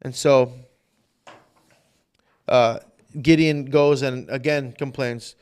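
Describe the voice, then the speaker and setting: A man's voice: medium pitch, steady tone, slow pace, darkish tone, clear, resonant tone. A male pastor preaching a livestreamed sermon with fervent intensity, repeating phrases for emphasis.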